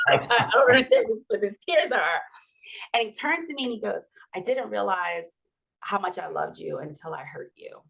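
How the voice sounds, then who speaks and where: Her mid-range voice is creaky and slightly rough, moving at normal speed as she recounts a personal story on a podcast. In her forties, she laughs and acts out the conversations animatedly.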